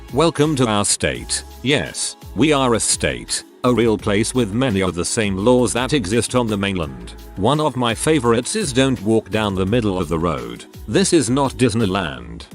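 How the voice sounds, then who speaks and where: Low, lively man reading forum posts. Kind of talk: scripted narration.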